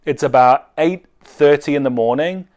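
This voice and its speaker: A man's voice: on the high side, moderate pace, darkish tone. A man who builds cars, telling a rambling anecdote with wry swearing. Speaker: car enthusiast. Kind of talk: casual anecdote.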